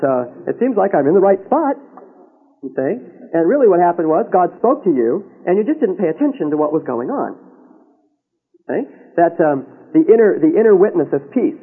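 A man's voice: on the high side, slightly rough, narrow, tinny audio. A man teaching from the Bible in sermon style, reading scripture aloud and checking in with his listeners. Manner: reads scripture aloud and checks in with frequent "Okay?".

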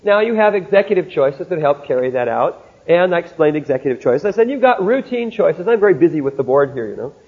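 A man's voice: on the high side, lively intonation, quick pace, hardly any pauses, slightly rough. A man lecturing students like a sermon, earnest and direct, telling stories with asides at a board in a classroom. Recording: tinny narrow-band old recording.

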